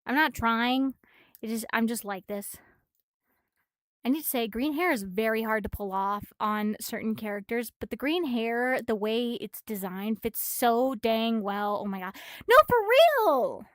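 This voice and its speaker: A woman streams from her room, reading a comic aloud and rambling about it in a high voice. She sounds a little out of breath, gushing and swearing freely. The sound is dry and close. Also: measured pace, dry recording.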